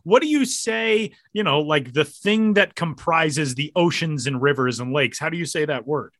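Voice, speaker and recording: A man hosting a casual podcast, joking around and quick to laugh. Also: on the high side, dry recording, studio quality. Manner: jokey, animated, quick to laugh. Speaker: podcast host.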